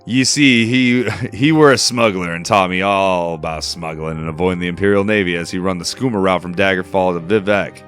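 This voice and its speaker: A man reading as a gruff old pirate captain. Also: sits low, fairly even intonation, a little fast, hardly any pauses, fairly bright tone, faint music behind. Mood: gruff reminiscing. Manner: rough folksy drawl, dropped grammar. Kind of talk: reading a game journal aloud.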